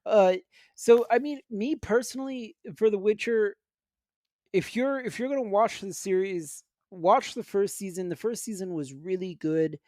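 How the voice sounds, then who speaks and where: A man co-hosting a casual podcast, talking in an animated way with frequent laughs and restarts. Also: high voice, unhurried, dry recording, studio quality. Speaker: podcast co-host. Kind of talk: casual chat.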